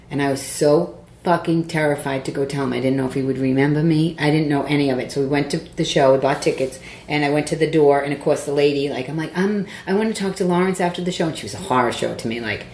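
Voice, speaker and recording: A woman comedian telling a story in casual podcast chat, animated and profane, acting out the voices she quotes. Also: low voice, quick pace, roomy sound, slight background noise.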